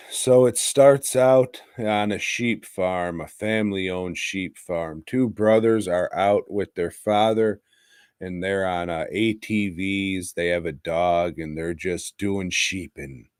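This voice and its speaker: A man's voice: deep voice, steady tone, takes it slowly, smooth, dry recording, clean studio sound. A man co-hosting a movie podcast, recapping a film in crude, jokey casual chat and breaking into silly voices. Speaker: podcast co-host.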